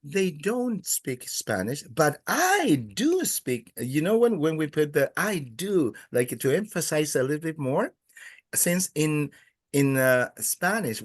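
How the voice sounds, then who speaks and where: A man teaching a beginner Spanish class. He is patient and encouraging, and he speaks haltingly with many "uh" fillers. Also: on the high side.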